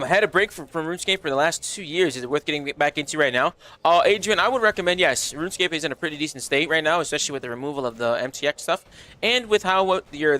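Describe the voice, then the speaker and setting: A young man hosting a casual livestream, chatting in slang, reading viewer messages aloud and answering them with big swings in energy. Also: on the high side. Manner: animated, slangy, reads chat aloud. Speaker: streamer.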